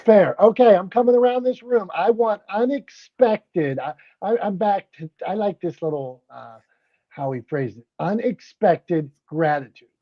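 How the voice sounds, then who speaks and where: A man's voice: sits high, animated, no room sound. A man co-hosting a casual group chat, upbeat and playful, keeping things moving. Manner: upbeat, playful, quick to move on. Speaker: co-host. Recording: dry, slightly dull sound.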